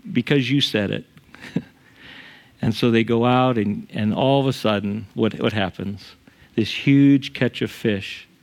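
A middle-aged male pastor preaching a sermon in a conversational way, chuckling often and acting out the quotes he tells. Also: mid-range voice.

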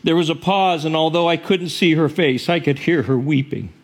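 Pastor guy preaching, earnest and expressive, voice a bit high, trips over words now and then. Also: moderate pace. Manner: earnest, expressive storytelling with self-corrections. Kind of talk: sermon.

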